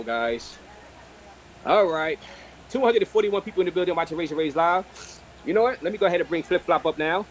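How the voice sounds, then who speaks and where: A man's voice: fairly high pitch, lively intonation, a little fast, long pauses, slight background noise. A man hosting a live interview stream, laid-back and hyping up his chat. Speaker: livestream interview host. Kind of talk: casual livestream hosting.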